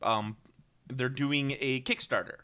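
A man's voice: mid-range voice, fairly even intonation, takes it slowly, bright, forceful tone, clear, resonant tone. A man co-hosting a casual podcast chat, rambling with ums and self-corrections and cracking wry jokes. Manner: wry, joking. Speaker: podcast co-host.

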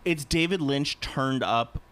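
A man's voice: medium pitch, slow pace, fairly bright tone. A man co-hosting a casual, profane chat, joking around and sometimes slipping into silly voices. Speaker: podcast co-host.

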